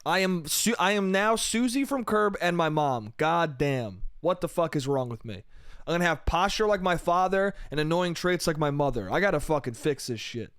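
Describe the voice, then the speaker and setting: A man's voice: fairly high pitch, lively intonation, moderate pace, a bit bright, smooth, dry recording, clean studio sound. A young man hosting a solo comedy podcast, rambling and self-mocking, swearing freely and calling the listener dude and bro. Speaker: podcast host.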